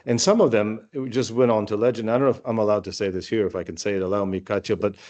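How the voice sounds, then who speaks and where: A man's voice: on the low side, quick pace, darkish tone. A man, a former student, telling rambling anecdotes with lots of restarts over a video call. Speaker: former student sharing memories. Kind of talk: casual storytelling.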